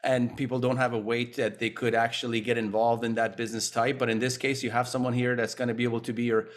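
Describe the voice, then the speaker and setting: A man at an ordinary, middle pitch, co-hosting an interview podcast. He asks long, loosely built questions, circling back and restarting them as he goes. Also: flat delivery, fast. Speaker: podcast co-host. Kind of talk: casual interview talk.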